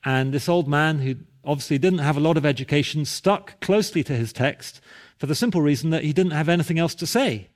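A man's voice: a little high, a little fast. A male pastor preaching a sermon, telling a story and building to emphatic repeated calls.

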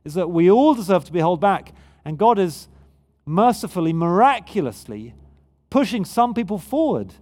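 A man's voice: sits high, big pitch swings, normal speed, darkish tone. A man preaching a sermon in a conversational yet emphatic way. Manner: conversational, emphatic, with frequent restarts.

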